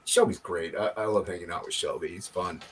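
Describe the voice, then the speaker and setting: A man's voice: sits low, fairly even intonation, a little fast, husky. A man talking in a casual podcast chat, opinionated and rambling, with many fillers and restarts. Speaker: guest.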